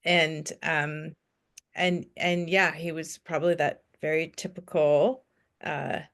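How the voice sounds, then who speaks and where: A woman's voice: low voice, little pitch movement, slow pace, creaky, fairly bright tone. A woman in her forties hosting an interview, asking questions in a thoughtful way and sharing her own stories as a therapist. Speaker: host, therapist. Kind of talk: interview conversation.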